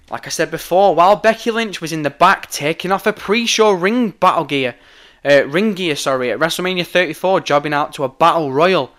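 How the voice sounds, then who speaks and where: A man's voice: high voice, fairly bright tone. Heated man ranting. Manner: heated, emphatic, frequent swearing. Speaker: wrestling commentator. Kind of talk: opinionated rant.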